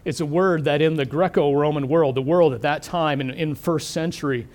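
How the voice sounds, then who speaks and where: A middle-aged man preaching a sermon, thoughtful and questioning, slowing down to stress key words. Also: a little high, a little mellow. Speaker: pastor.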